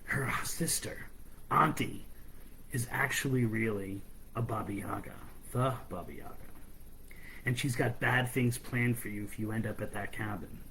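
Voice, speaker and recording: A man's voice: lowish voice, unhurried, sharp tone, a little hiss or hum, low-quality recording. A man voicing a kind, loyal male mouse in a fairy tale, giving urgent, insistent warnings. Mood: whispering.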